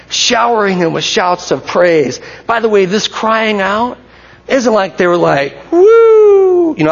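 A man preaching a sermon in a lively, conversational way, to his congregation in a church. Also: fairly high pitch. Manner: animated, conversational, acts out crowd shouts. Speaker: pastor. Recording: dull recording with long hall reverb.

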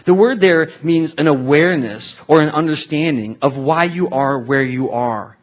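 A man's voice: fairly high pitch, normal speed, hardly any pauses. A man preaching a sermon in a conversational, storytelling way, full of asides to the congregation. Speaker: pastor.

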